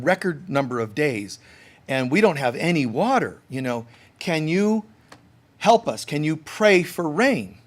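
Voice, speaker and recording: A middle-aged man giving a sermon as a spiritual teacher, telling stories in an animated way and acting out the quotes. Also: a little high.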